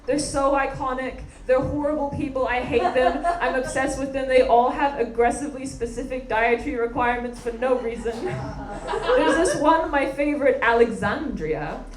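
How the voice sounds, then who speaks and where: A young woman performing a stand-up comedy set, telling stories in a sardonic, animated way and mocking people with quick impressions. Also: high voice, some chatter behind. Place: comedy stage with live audience. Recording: echoey room with background noise.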